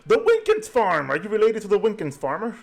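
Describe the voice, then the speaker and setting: A man voices a cocky little gnome in a tabletop game. He chatters on in a higher, bouncy voice, bragging and friendly. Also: big pitch swings, measured pace. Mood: chatty. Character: cocky cheerful male gnome, berry juice fan.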